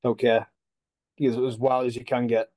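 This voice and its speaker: A young man trades dry, teasing banter on a podcast. His voice is dark and mellow, recorded close and dry. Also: mid-range voice, flat delivery, normal speed, dry recording. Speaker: podcast co-host. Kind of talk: casual podcast chat.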